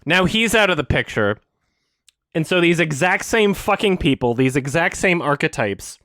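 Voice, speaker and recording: A man's voice: a little high, lively intonation, normal speed, bright, forceful tone, no room sound, studio quality. A man from Canada, ranting on a livestream in a heated, profane, emphatic way. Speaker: streamer. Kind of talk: angry livestream rant.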